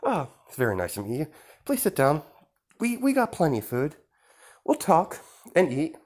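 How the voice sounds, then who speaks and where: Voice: mid-range voice, wildly swooping pitch, normal speed, a little mellow, voice pushed up. A reader voicing a smug young werewolf pack leader, a man, grandly courteous and theatrical, in an improvised fan story read-aloud. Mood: hospitable.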